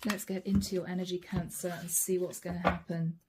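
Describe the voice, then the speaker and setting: A woman's voice: on the low side, level tone, a little fast, noisy background. A woman doing a channeled tarot reading, chatting directly to her viewers as she reads the cards aloud. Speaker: tarot card reader.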